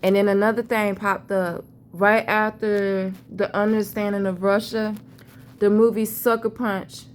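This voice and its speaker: A woman's voice: mid-range voice, level tone, measured pace, a little hiss or hum. A woman vlogger, telling a rambling, profane, emphatic story about a vision. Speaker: spiritual vlogger. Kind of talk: casual storytelling monologue.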